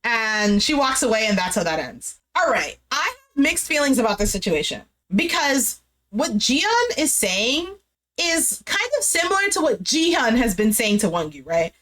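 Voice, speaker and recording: A young woman casually recapping a dating show, chatty and animated, full of "like" and quoted dialogue. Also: fairly high pitch, moderate pace. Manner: chatty, animated retelling with lots of "like". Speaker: recap streamer.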